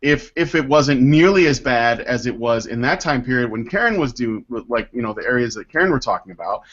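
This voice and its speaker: A man's voice: medium pitch, lively intonation, fairly quick, a bit bright. A man hosting a casual podcast, rambling with many fillers and swearing freely while reading listener mail. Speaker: podcast host. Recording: dull lo-fi podcast audio.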